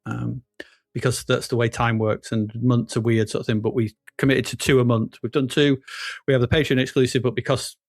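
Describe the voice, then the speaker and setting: A man's voice: mid-range voice, little pitch movement, fairly quick, no room sound, clean studio sound. A man hosting a podcast in casual chat, rambling and laughing often. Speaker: podcast host.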